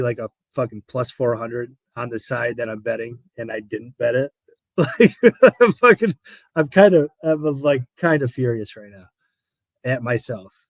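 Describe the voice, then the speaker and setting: A man's voice: medium pitch, no room sound. A man giving betting analysis on a live stream, talking hesitantly with many fillers and repeated words. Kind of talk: casual live-stream chat.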